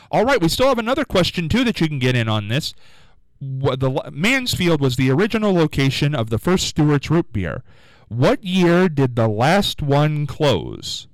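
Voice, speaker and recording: Lively radio host with a strained throat. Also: male voice, medium pitch, clear, resonant tone, dry recording, low-quality recording. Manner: lively, upbeat, sing-song when rejecting guesses. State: throat going hoarse. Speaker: radio call-in show host. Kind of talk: casual live radio quiz chat. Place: radio studio.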